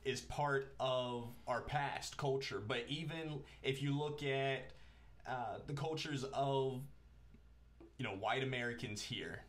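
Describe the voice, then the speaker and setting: A man hosting a casual interview, talking earnestly and reading viewer comments aloud. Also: medium pitch. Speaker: host.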